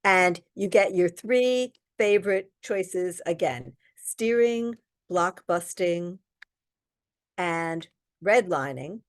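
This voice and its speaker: With many ums, a female instructor works through an online real estate exam-prep session, reading questions and explaining answers. She speaks slowly in a lowish voice with lively intonation.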